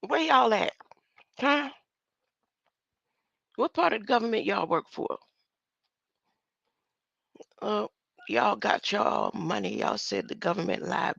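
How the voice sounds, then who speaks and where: A heavily gravelly voice rambles through a casual vlog monologue at an unhurried pace, drifting from one thought to the next with frequent chuckles. The pitch swings around with lively movement, and the dull, lo-fi sound sits close and dry with no room around it. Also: no room sound. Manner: musing, drifting from topic to topic, chuckling often. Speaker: vlogger.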